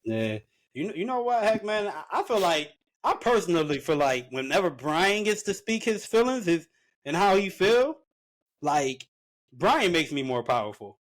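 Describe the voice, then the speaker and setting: A man's voice: sits high, sing-song, normal speed. A man co-hosting a podcast, talking earnestly and rambling a little in casual chat. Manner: earnest, rambling talk with restarts. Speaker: podcast co-host.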